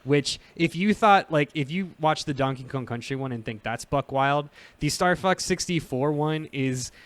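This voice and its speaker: A man's voice: a little high, moderate pace. A man in his thirties hosting a podcast, chatting casually and rambling with lots of fillers and frequent laughs. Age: 30s. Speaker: podcast host. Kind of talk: casual chat.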